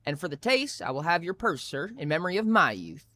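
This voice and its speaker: A man voicing a cocky young male highwayman in a story he reads aloud, speaking loudly and theatrically. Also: big pitch swings, a little fast. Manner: loud, raised, theatrical delivery.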